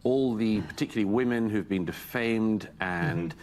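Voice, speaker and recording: A man's voice: fairly low pitch, moderate pace, a little mellow, a little hiss or hum. A man giving wry, emphatic commentary on a news show. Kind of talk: broadcast commentary.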